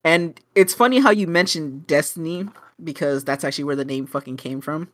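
A man's voice: on the high side, brisk, a bit bright. A young man co-hosting a casual podcast, rambling with lots of fillers, restarts and swearing. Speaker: podcast co-host. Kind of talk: casual chat.

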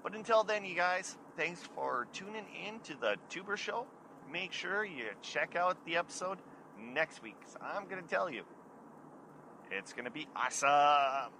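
A chatty man hosts his own show and spins a casual yarn about his own misadventures. His voice is bright and forward, and a faint hiss sits under it. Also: a little high, lively intonation, measured pace, low-quality recording. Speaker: podcast host. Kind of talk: casual storytelling.

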